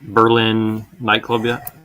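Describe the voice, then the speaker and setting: A man co-hosting a podcast in casual chat, with quick sarcastic jokes. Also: on the low side, monotone, a bit bright, no room sound. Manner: sarcastic, quick joking asides. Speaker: podcast co-host.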